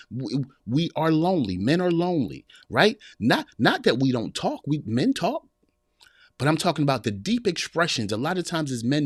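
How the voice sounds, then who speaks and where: Guy preaching on a podcast, pitch jumps all over, dry close sound, keeps going "y'all hear me?". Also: dry recording. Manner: emphatic, repeats phrases, asks the audience "y'all hear me?". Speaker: podcast host. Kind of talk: preachy motivational talk.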